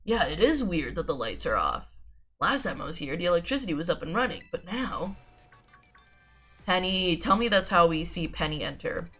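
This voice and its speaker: A woman's voice: lowish voice, big pitch swings, moderate pace, fairly bright tone, faint music behind. A young woman streaming a video game while sick with a sore throat, chatting casually and laughing often. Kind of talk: casual gaming stream commentary.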